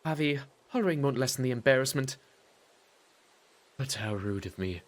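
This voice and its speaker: A man voicing a weary, courteous young male event planner in a lowered, tired voice. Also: expressive, moderate pace, lightly acted. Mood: weary polite.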